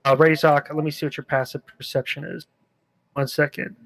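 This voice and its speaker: A man runs a tabletop game, narrating in a relaxed, rambling way and filling pauses with "uh" and "um". His voice sits a little high, and the sound is dry and close. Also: gravelly, no room sound, low-quality recording. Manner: relaxed, rambling, many fillers. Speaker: game master.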